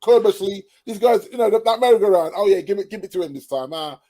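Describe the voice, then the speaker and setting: A man's voice: high-pitched, fairly even intonation, fast talker, warm tone. A man co-hosting a football podcast in casual chat, opinionated and repeating his points for emphasis. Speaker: podcast co-host.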